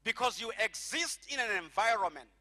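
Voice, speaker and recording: A middle-aged man preaching a sermon as pastor, slowing and stretching key phrases and having the congregation repeat after him. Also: high voice, lively intonation, pushed and bright.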